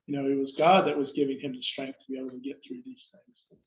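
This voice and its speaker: A middle-aged man delivers a sermon in a casual, conversational way, often restarting his sentences. His voice sits a little high. The sound is echoey and thin, as if heard over a phone line in a big room. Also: very animated, quick pace, vocal fry. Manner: conversational, self-interrupting, acts out quoted reactions. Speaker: pastor.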